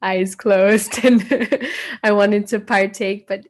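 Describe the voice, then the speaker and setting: An American woman from the United States, speaking as a guest speaker, earnestly shares personal memories and acts out the voices she quotes. Her voice is medium-pitched with fairly even intonation, and she takes her time.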